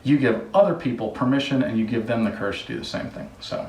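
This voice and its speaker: A man's voice: medium pitch, quick pace, a little mellow, slight background noise. A man hosting a casual do-it-yourself vlog, telling stories in a chatty, rambling, joking way. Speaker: host, contractor. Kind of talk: casual DIY vlog with storytelling. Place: house under renovation. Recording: roomy sound from off-mic.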